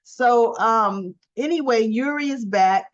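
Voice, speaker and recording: Woman chatting thru a soap recap, kinda high voice, rambly, muffled lo-fi audio. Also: takes it slowly. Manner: chatty, rambling with fillers and asides. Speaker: soap opera recap vlogger. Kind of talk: casual episode recap. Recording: dull lo-fi sound.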